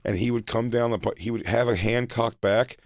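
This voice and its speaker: A man's voice: medium pitch, steady tone, a little fast, dry recording, clean studio sound. A man co-hosting a podcast in casual chat, rambling with many restarts and some swearing. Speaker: podcast co-host.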